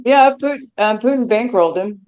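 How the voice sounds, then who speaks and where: A woman co-hosting a political livestream, talking earnestly with many halting repeats. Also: a little high, a little mellow, muffled recording. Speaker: livestream co-host. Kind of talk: casual political chat.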